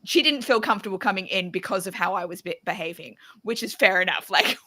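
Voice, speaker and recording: A woman's voice: medium pitch, fast, sharp tone. A woman hosting a casual livestream chat, talkative and laughing often.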